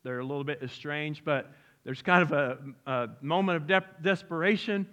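A middle-aged man preaching a sermon in a church, lively and conversational, joking and asking the congregation direct questions. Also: fairly high pitch, normal speed, lo-fi sound. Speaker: pastor. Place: church sanctuary.

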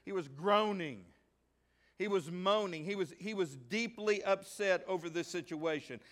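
A male pastor from the American South preaching a sermon. He reads scripture at length and asks the congregation questions that he then answers himself. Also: high-pitched. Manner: reads scripture aloud at length, slowing on key words; bursts into excitement.

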